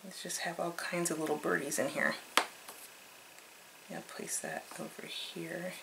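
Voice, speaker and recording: A woman's voice: fairly low pitch, vocal fry, noisy background. A woman hosting a craft tutorial, chatting cheerfully and thinking aloud as she works. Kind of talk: casual craft demonstration.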